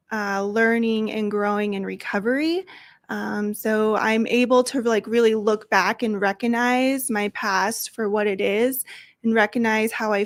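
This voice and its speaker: A woman's voice: a little high, dry recording. A woman from Colorado telling her recovery story as a guest. She sounds like a Valley girl and talks openly, close to tears. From Colorado, USA. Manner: open and emotional, quick to tear up. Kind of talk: sharing a personal recovery story. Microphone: close studio microphone.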